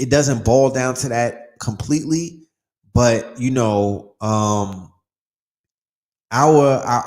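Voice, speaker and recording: A man's voice: on the low side, echoey room. A man hosting a podcast, giving a casual motivational monologue in an emphatic, preachy way, with heavy slang and profanity and phrases repeated for effect. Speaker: podcast host.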